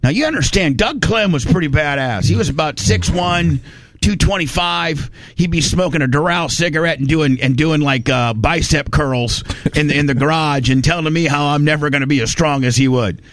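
A man's voice: a little high, moderate pace, fairly bright tone. A man from Indiana, telling a long rambling story in casual chat and acting out the voices of the people in it. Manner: rambling, folksy, acts out quoted voices. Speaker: podcast host telling a story.

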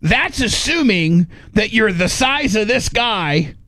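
A middle-aged man hosting a radio show, telling a rambling story in a casual, animated way on a studio microphone. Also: high voice, takes it slowly, a crowd in the background. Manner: animated, rambling, acts out his own inner voice.

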